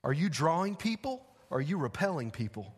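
A male pastor, preaching a sermon in a church with animated, conversational asides. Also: on the high side, brisk, husky. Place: church sanctuary. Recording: long hall reverb.

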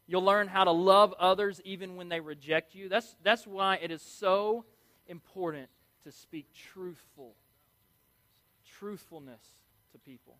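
Male preacher, high-pitched, energetic and emphatic with playful asides. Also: a little slow. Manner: energetic, emphatic, playful, repeats key words. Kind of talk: sermon.

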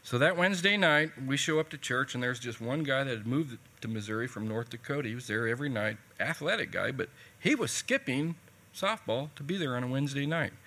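A man's voice: mid-range voice, expressive, fairly quick, pushed and bright. A man preaching a sermon in a conversational, folksy way, telling a personal story and retelling what people said.

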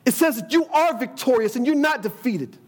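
A man's voice: very high voice, expressive, brisk. A man preaching a sermon, emphatic, often repeating words as he builds a point and quoting scripture.

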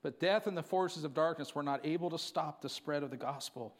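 A man preaching a sermon to his church, moving from quiet storytelling to fervent, emphatic preaching. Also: on the high side, fairly quick. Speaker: pastor.

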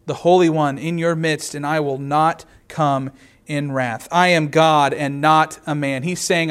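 A man's voice: on the high side, fairly bright tone, clear, resonant tone. Earnest male pastor preaching. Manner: reads scripture aloud and explains it verse by verse; earnest, slows down to stress key words. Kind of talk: sermon.

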